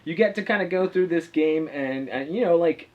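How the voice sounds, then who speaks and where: A man's voice: fairly high pitch, moderate pace, lo-fi sound, a crowd in the background. A young man from England hosting a casual gaming chat, explaining at length with many fillers. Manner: rambling, filler-heavy explaining. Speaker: gaming channel host.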